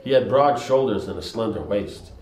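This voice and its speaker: A man's voice: on the low side, normal speed, darkish tone, roomy sound, low-quality recording. A man reading a scripture story aloud and explaining it in a conversational way, with lots of fillers. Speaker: storyteller and teacher.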